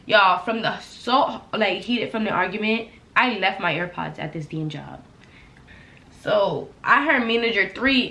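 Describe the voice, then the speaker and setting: A young woman telling a heated work story in a casual storytime vlog, acting out the quotes loudly. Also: mid-range voice, normal speed. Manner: animated, heated retelling with loud acted-out quotes. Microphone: laptop camera. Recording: echoey room.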